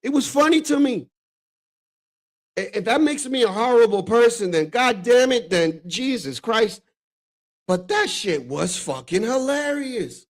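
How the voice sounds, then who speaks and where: A man from the Dominican Republic hosting a casual reaction stream, talking in a loose, profane, excitable way and laughing often. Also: extremely high pitch, measured pace. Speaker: streamer host reacting to clips.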